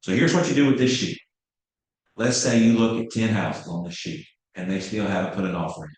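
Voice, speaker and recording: A man in his fifties teaching a live class with blunt passion. He acts out what clients say and curses now and then. His fairly low voice rings through a very echoey room. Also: steady tone, fairly quick. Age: 50s. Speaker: real estate trainer. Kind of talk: live training talk. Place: training room.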